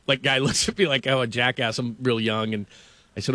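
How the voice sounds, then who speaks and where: A man's voice: mid-range voice, level tone, brisk, sharp tone, no echo. A man hosting sports talk radio, telling a story in a rambling, casual way, laughing often and filling with "like".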